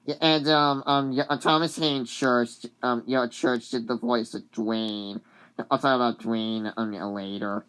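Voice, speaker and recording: A woman's voice: very deep voice, steady tone, unhurried, fairly bright tone, clean tone. A woman vlogger casually recapping a cartoon, rambling with many fillers and giggles.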